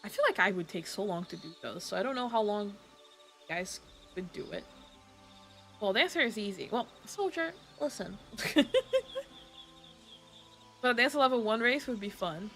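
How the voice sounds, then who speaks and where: A woman's voice: medium pitch, expressive, normal speed, pauses often, fairly bright tone, soft background music. A woman, a Portuguese speaker, chatting casually on her stream and laughing often. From Brazil. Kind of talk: casual chat.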